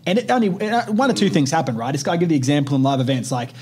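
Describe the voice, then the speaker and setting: A man in his twenties hosts a casual motivational podcast, talking animatedly, swearing freely, and leaning on "like" and "right?". His voice is a little high, sing-song, rapid-fire, darkish and slightly rough.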